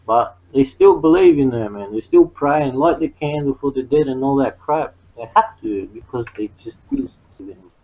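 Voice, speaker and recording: A man talks in a loose, rambling way during a casual group chat, dropping mate and man as he goes. His voice comes through thin and tinny, like over a phone line, at an ordinary middle pitch.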